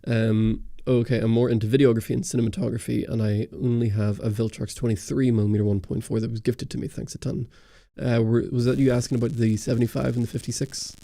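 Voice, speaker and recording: A man with a Northern Irish accent chats loosely on a livestream, rambling through viewer questions. His voice is dark and gravelly, with a dry, close-miked sound. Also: medium pitch, little pitch movement, fast talker, hardly any pauses, no room sound. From Northern Ireland. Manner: rambling, answers viewer chat. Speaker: YouTube host on a livestream. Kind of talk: casual livestream chat. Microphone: close studio mic.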